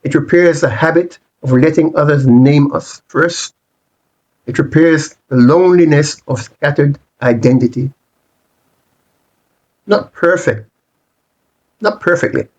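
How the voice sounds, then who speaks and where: A man presenting a reflective monologue, speaking in deliberate, repetitive rhetorical phrases with the odd restart. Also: a little high, darkish tone, poor audio. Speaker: channel presenter.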